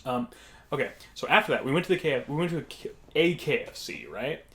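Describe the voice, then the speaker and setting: A man's voice: mid-range voice, lively intonation, fast talker, a bit bright. A man co-hosting a podcast, telling casual stories in a rambling way full of fillers. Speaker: podcast co-host. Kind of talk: casual storytelling.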